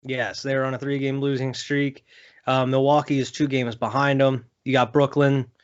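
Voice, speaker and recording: A man's voice: medium pitch, level tone, normal speed, clean tone, dull audio. A young man co-hosting a sports podcast, talking loosely with lots of fillers and laughs. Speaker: podcast co-host. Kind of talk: casual sports chat.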